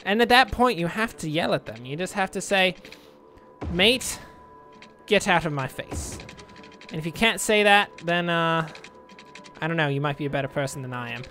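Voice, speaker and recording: A man's voice: a little high, lively intonation, fairly quick, sharp tone, soft background music. A man giving casual, rambling commentary over a city-building game, with self-mocking asides. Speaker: let's play gamer.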